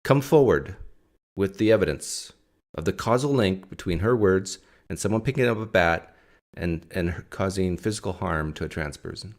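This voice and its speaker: Low-voiced man arguing on a live stream. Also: moderate pace. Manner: argumentative, fires off rhetorical questions. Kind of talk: casual live stream commentary.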